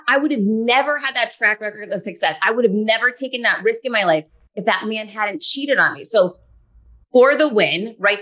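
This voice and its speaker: A woman in her forties, a podcast guest, telling personal stories in a candid, earnest way. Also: medium pitch. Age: 40s. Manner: earnest, animated, acts out her own past thoughts. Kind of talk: candid conversational storytelling.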